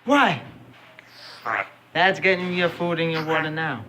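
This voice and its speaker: Slow-talking woman scolding her pet bird. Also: on the low side, a bit bright. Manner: scolding yet affectionate, laughing often. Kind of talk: casual talk to a pet bird. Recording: noisy home video recording.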